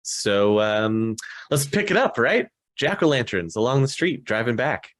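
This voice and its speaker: A man narrating as game master of a tabletop role-playing game, relaxed and unhurried with frequent fillers. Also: medium pitch, no echo.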